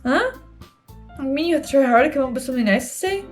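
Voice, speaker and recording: A woman reading the lines of a blunt, sharp-tongued teenage girl from a game, in a snappy, sarcastic way. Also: high-pitched, lively intonation, fast, soft background music. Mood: snippy.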